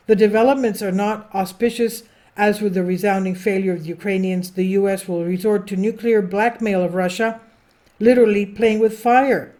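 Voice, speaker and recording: Brief: female host, mid-pitched, reads news commentary from a script, adds asides, trips on names. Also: moderate pace, darkish tone. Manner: stumbles over foreign names. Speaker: political commentary channel host. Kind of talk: read-aloud news commentary.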